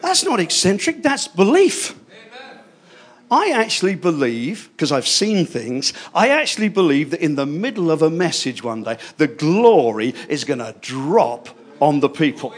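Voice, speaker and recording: An older man preaching a fervent sermon, swinging between hushed asides and loud declarations. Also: fairly high pitch, sing-song, measured pace.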